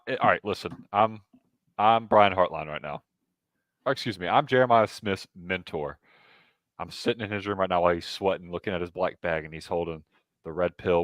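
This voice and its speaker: A man co-hosting a sports podcast, talking casually and getting animated with quick asides. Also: deep voice, no room sound. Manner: animated, excitable, jumps in with asides. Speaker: podcast co-host.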